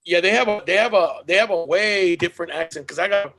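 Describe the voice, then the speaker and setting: High, gravelly man chatting casually. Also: fast, a bit bright. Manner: loose, profane, joking. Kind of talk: casual chat.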